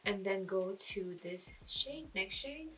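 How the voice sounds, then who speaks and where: A woman talks through a casual makeup tutorial in a bright, sharp-edged voice, chatty and self-deprecating, pausing on fillers as she thinks. She sits a little back from the microphone, so she sounds slightly distant. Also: medium pitch, expressive. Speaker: beauty vlogger.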